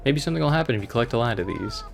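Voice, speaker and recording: A man's voice: mid-range voice, animated, very fast, creaky. A man casually commenting on a video game he is playing, reading the on-screen text aloud and cracking jokes. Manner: playful, jokey, reads game text aloud. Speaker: let's play host. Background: faint game music.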